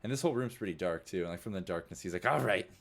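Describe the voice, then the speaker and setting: A man's voice: low voice, racing, a little mellow. A young man narrating as game master, rambling with lots of fillers. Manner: rambling, many fillers like "like" and "you know".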